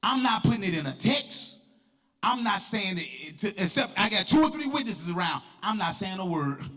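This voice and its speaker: High, bright-voiced preacher shouting. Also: male voice, big pitch swings, normal speed. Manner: emphatic, shouting preaching cadence. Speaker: pastor. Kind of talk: sermon. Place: church sanctuary. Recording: long church reverb with faint music.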